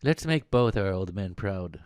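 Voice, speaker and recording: A man's voice: sits low, lively intonation, a little slow, a little mellow, clean tone, dry recording, studio quality. A man reading a reserved upper-class young soldier. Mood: resolute. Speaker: actor in a script reading. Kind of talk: script reading.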